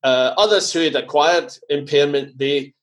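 Hesitant Scottish man, slightly high voice. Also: normal speed, a bit bright. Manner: hesitant, many fillers and restarts. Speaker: podcast guest. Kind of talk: casual conversation.

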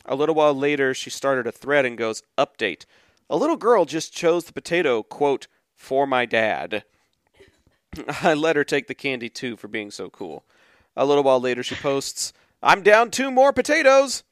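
A man co-hosting a podcast in a casual chat, reading out tweets and acting out the quoted kids loudly, laughing often. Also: mid-range voice, expressive, fairly quick, no room sound, clean studio sound. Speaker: podcast co-host.

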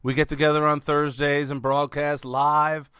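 A man's voice: a little high, flat delivery, normal speed, sharp tone, clear, resonant tone, no room sound, clean studio sound. A man in his fifties from Pennsylvania hosting a casual podcast chat, jokey and playful, swearing casually. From Pennsylvania, USA. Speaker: podcast host.

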